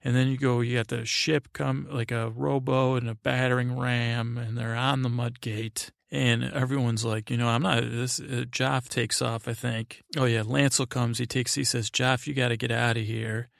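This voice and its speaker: A man's voice: mid-range voice, level tone, moderate pace, gravelly, few pauses, no room sound, clean studio sound. A man hosting a sleep podcast, recapping a TV episode in a meandering, casual way full of fillers and asides. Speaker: podcast host.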